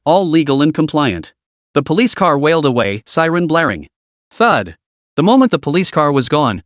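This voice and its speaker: A man narrating a dramatic comic story in a scripted, expressive style. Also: fairly high pitch, no echo, studio quality.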